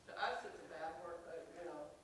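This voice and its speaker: A man's voice: on the high side, a little fast, fairly bright tone. A man in a class sharing a chatty anecdote from the back of the room. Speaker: class member. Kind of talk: casual comment in class. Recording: distant, roomy and noisy.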